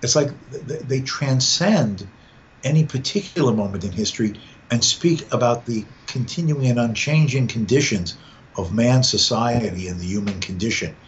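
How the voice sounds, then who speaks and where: A man's voice: mid-range voice, moderate pace. A man talking through ideas in a podcast conversation, often repeating words as he gathers his thoughts. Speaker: podcast guest. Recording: dull lo-fi sound with faint background noise.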